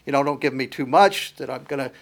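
A man's voice: mid-range voice, fast talker. A man preaching a sermon in an earnest, emphatic teaching manner, with frequent fillers and restarts.

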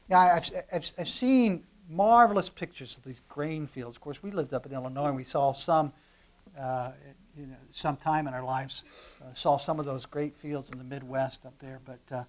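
Animated male pastor preaching a sermon. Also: mid-range voice, normal speed. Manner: animated, swings from quiet to loud emphasis; repeats words when restarting.

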